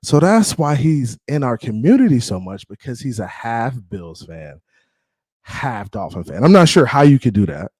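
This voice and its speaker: An animated man hosts a live sports stream, his pitch leaping all over as he hypes the chat and razzes rival fans. The sound is dry and close, with no room around it. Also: normal speed, husky, dry recording. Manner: animated, trash-talking, shouting out viewers. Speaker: livestream sports show host. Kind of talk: casual live-stream banter.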